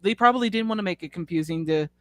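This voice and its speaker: A man's voice: high voice, very fast, fairly bright tone. A man in casual pop culture chat, talking in a breezy, offhand way. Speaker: podcast co-host.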